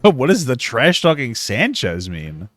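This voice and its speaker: A man's voice: mid-range voice, wildly swooping pitch, a little slow, a bit bright, dry recording. A man reacting live on a stream, laughing often and exclaiming in disbelief as he comments.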